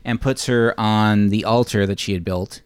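Smooth-voiced man recapping a movie. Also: on the low side, moderate pace, no echo. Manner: relaxed, recaps plot with fillers and side notes. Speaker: podcast co-host. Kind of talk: casual movie recap chat.

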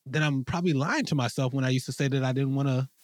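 A man in his thirties, an interview guest, telling his story candidly, laughing often and growing animated when he quotes others. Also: mid-range voice, fast, no echo.

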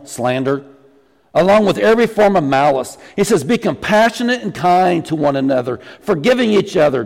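A middle-aged man preaching a sermon as pastor, animated and teasing the congregation. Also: a little high, big-room sound. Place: church sanctuary.

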